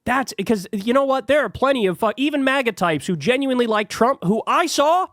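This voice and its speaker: A man's voice: very high-pitched, lively intonation, brisk, fairly bright tone, no echo, clean studio sound. A man hosting a heated political commentary show, sarcastic and profane.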